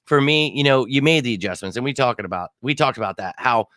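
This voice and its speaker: A man hosting a live fan Q&A stream, heated and rambling, swearing and shouting out commenters. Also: mid-range voice, expressive, fast, no room sound, clean studio sound. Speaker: fan show host.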